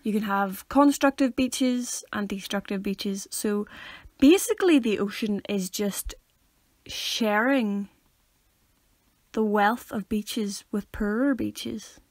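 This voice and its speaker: A woman's voice: medium pitch, slow pace, darkish tone, no room sound. A woman with a Northern Irish accent co-hosting a podcast, chatting casually and giggling through playful banter. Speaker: podcast co-host. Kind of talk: casual chat.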